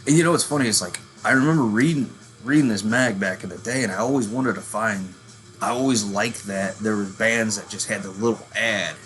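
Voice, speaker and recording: A man's voice: on the low side, fairly quick, a bit bright, faint music behind. A man in his thirties ranting casually about metal bands, profane and rambling, calling himself a working-class hillbilly. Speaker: metal channel host. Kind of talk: casual rant.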